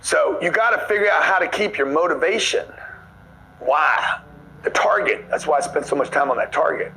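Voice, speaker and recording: A man delivers a forceful motivational talk, blunt and preachy as he pushes the listener to stop getting comfortable. His voice sits a little higher than most men's. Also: lively intonation, moderate pace, creaky, low-quality recording. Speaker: motivational speaker.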